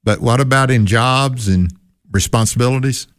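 A man's voice: medium pitch, normal speed, smooth, dry recording, studio quality. A man co-hosting a casual Bible teaching chat who likes to pose rhetorical questions. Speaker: co-host.

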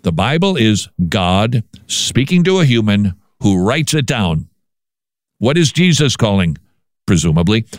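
A man hosting a commentary show who talks in a lively way and often restarts his words. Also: medium pitch, no echo, studio quality. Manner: animated, repeats words when restarting. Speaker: podcast host. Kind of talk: casual commentary on news.

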